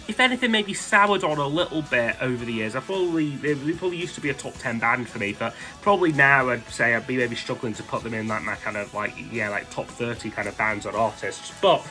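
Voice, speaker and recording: A man's voice: mid-range voice, a little fast, hardly any pauses, sharp tone, faint music behind. A man casually talking through his favourite albums, rambling and enthusiastic, with lots of "like" and "um". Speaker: music vlogger ranking albums. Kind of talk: casual spoken album countdown.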